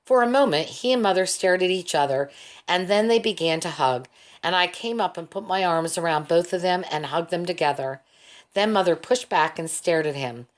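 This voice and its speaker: A woman narrating an audiobook in a calm, steady storytelling manner. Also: lowish voice, moderate pace. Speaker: audiobook reader.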